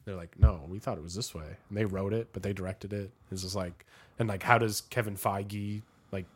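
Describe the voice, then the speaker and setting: A man co-hosting a podcast, talking in an excitable way with many fillers and restarts. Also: fairly low pitch, fairly quick, breathy edge. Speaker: podcast co-host. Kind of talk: casual chat.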